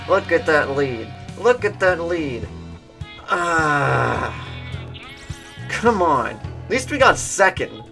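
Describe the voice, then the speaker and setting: A young man giving goofy gameplay commentary, slipping into silly meme voices and shouts. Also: medium pitch. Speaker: gaming YouTuber.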